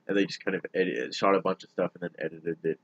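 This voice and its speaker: Rambling young man, low voice, lo-fi. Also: fast, husky, no echo. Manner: rambling, heavy use of "like". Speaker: podcast co-host. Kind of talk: casual chat. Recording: dull lo-fi dry sound.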